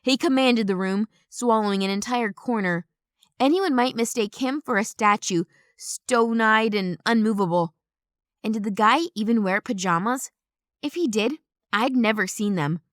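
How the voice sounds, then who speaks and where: A woman giving brisk, expressive first-person audiobook narration on a close studio mic. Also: on the high side, dry recording.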